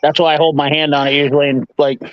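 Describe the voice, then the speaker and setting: A man's voice: a little high, little pitch movement, fast, crowd noise. A man chats casually on a live stream, explaining things in a matter-of-fact way. His voice sits a bit above the usual male range. The sound is muffled and lo-fi. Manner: matter-of-fact shop talk. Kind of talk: casual chat. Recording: dull lo-fi audio.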